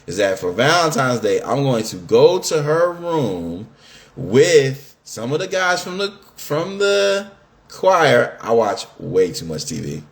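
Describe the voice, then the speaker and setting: A man hosting a podcast, telling a story in a casual, animated, slangy way and laughing often. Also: medium pitch, slow pace. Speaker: podcast host.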